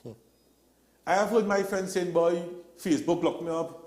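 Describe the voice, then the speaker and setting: A man's voice: high-pitched, moderate pace, echoey room. A man, a guest telling stories in a casual talk show, acting out the people he quotes. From Trinidad and Tobago. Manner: animated storyteller, acts out quotes.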